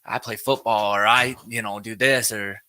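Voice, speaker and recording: Guy in his 30s rambling easy about his past, bright forceful voice, dry close mic. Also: lowish voice, normal speed, dry recording. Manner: relaxed, rambling, says "you know what I mean" a lot. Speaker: podcast co-host sharing his recovery story. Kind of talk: casual conversation.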